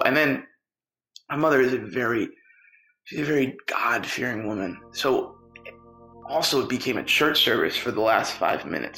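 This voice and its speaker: A man telling a personal story, lively and quoting the people in it. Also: mid-range voice, moderate pace, pauses often. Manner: lively, quotes people in dialogue. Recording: roomy echo with faint music.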